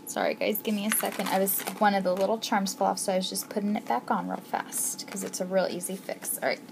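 A woman's voice: mid-range voice, steady tone, fast, creaky. A woman vlogger unboxing a crafting package, gushing with gasps and exclamations. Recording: noisy home recording.

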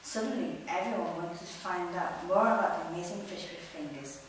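A woman reads a children's story aloud, lively and expressive, her voice on the low side for a woman. The sound is very echoey and picked up from a distance, with faint background noise. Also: normal speed. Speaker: storybook reader. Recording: echoey room, distant mic.

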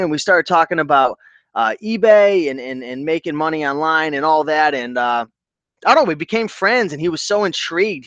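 A man hosting a casual livestream about online reselling, upbeat and chatty, giving shout-outs to viewers. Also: fairly high pitch, no room sound.

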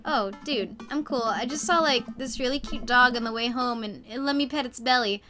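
A woman voicing a sarcastic teenage girl who dodges serious talk with jokes, reading it in her own high, bright voice. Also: normal speed, faint music behind. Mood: joking. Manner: teasing, deflecting with jokes.

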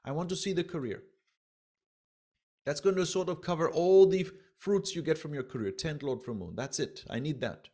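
Male astrology teacher, slightly high voice, animated lecturing that acts out little quoted exchanges.

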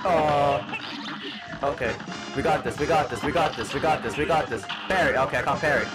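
A man playing a demon hedgehog doing let's-play commentary, panicky and yelping, over loud game music. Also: fairly high pitch, a little fast, close to an everyday voice, low-quality recording. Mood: frantic. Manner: panicky, yelps and repeats himself. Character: psychotic demon hedgehog, male, gaming. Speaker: gamer.

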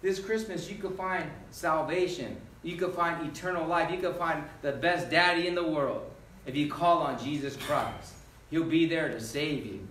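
A man's voice: fairly high pitch, moderate pace, fairly bright tone. A male pastor preaching a sermon, emphatic and calling out to the congregation for responses. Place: church sanctuary. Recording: echoey church from far off with faint noise.

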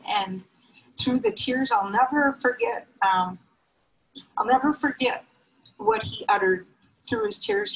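A middle-aged woman tells a personal story with deep feeling. Her voice rises sharply on moving moments, then settles low and slow. It is an earnest, heartfelt telling. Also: creaky, low-quality recording. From United States. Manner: emotional, heartfelt, with sudden high pitch lifts.

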